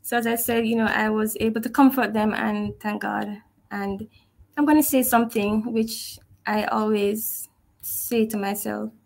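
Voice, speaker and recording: Gravelly-voiced woman telling her story. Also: on the high side, steady tone, measured pace. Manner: earnest, reflective, laughs softly at times. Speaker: guest sharing her testimony. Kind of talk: personal testimony, conversational.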